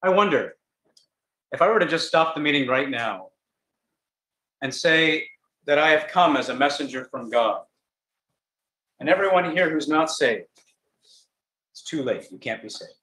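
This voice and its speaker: A male preacher delivers a gospel sermon in a large tent. His tone is bright and forceful, and he presses the crowd with urgent, earnest rhetorical questions. The sound carries a roomy echo from the tent. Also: on the high side, expressive, normal speed, long pauses.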